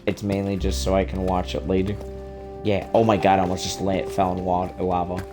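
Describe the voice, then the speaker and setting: Young dude streaming a game, lowish voice, rambly and sweary, music in the back. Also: male voice, completely flat delivery, fairly quick. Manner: loose, rambling, swears often. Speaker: gaming streamer. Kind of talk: casual gaming chat.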